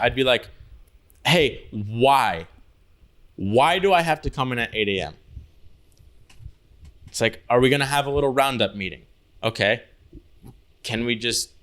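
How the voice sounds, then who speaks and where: A man co-hosts a laid-back podcast and rambles through his stories in a casual chat. He leans on "like" and drops swear words freely. His voice sits at an ordinary middle pitch. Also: fairly bright tone. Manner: loose, swearing storyteller, heavy use of "like". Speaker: podcast co-host.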